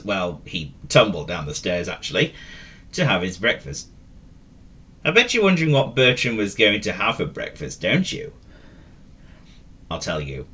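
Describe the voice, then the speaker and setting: A man reading a children's story in a very lively voice that swoops up and down. His tone is bright and crisp, and he teases the listener with playful asides. A classic storybook reading. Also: fairly low pitch.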